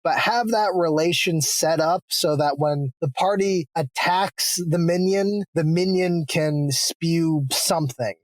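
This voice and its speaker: Male podcast co-host, rambling advice-giver, somewhat high voice, dry close sound. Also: slow, few pauses, no room sound. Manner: relaxed, rambling, gives advice with asides. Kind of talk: casual chat.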